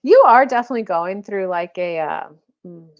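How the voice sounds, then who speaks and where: A woman's voice: medium pitch, animated, moderate pace, muffled recording. A woman giving a casual, chatty live-stream card reading as a spiritual coach, full of fillers and little acted-out quotes.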